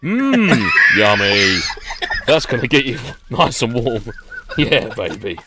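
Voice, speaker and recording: A man's voice: medium pitch, very animated, slow pace, noisy background. A man on a podcast, ranting in a jokey way about his gear and laughing often. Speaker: podcast co-host. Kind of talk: casual chat.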